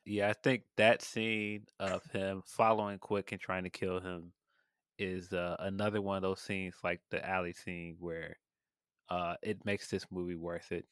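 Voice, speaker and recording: A man co-hosting a podcast, talking about a film in a laid-back, soft way and laughing often. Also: deep voice, little pitch movement, measured pace, smooth, no echo, studio quality. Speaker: podcast co-host. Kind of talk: casual film review chat.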